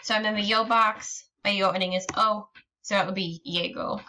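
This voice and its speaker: A woman's voice: mid-range voice, steady tone, normal speed, sharp tone, slight background noise. A woman teaching a recorded lesson, explaining patiently step by step with frequent ums. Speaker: Spanish teacher.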